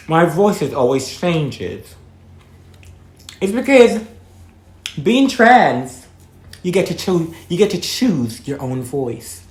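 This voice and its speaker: A woman's voice: lowish voice, sing-song, slow, pauses often, darkish tone. A young trans woman from Jamaica, vlogging in a blunt, outspoken casual monologue, swearing freely and talking while eating. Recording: echoey room.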